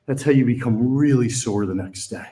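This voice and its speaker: A young fitness vlogger's dark-toned, mid-range voice comes through at a moderate pace and with a roomy sound. He chats casually while exercising in a small gym, sighing and winded between movements.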